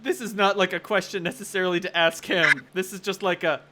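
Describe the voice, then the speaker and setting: A man's voice: high-pitched, steady tone, brisk, pushed and bright. A man running a tabletop game as game master, talking casually with lots of filler and frequent swearing.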